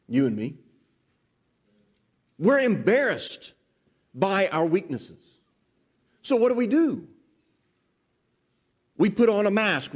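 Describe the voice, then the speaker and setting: Male preacher, high and very lively voice, dramatic delivery acting out quotes. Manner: expressive, rises and drops pitch for emphasis. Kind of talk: sermon.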